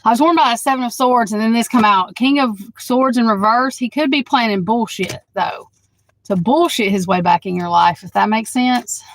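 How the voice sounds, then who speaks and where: Chatty, frank woman with a higher voice. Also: normal speed, poor audio. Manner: chatty, frank, swears, laughs often, calls the viewer "girl". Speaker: tarot reader. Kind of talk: live tarot reading, casual chat. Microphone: phone.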